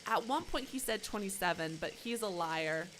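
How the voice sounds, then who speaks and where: A woman's voice: mid-range voice, expressive, moderate pace, fairly bright tone, a little hiss or hum. A woman streaming a game live, chatting with sarcastic asides about what she sees. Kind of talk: live gameplay commentary.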